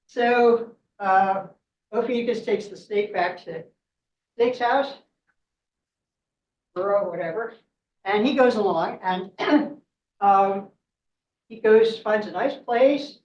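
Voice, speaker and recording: A woman's voice: medium pitch, a little mellow, a little hiss or hum. Chatty woman storyteller in echoey room. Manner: chatty, laughs often, tags lines with right. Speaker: guest speaker. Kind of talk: storytelling talk at a club meeting. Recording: echoey room, distant mic, dull sound.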